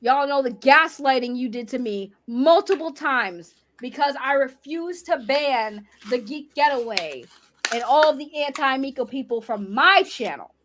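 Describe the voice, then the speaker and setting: A woman's voice: high voice, expressive, a little slow, a bit bright, a little hiss or hum. A woman ranting on a livestream, heated and confrontational, swearing often. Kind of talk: livestream rant.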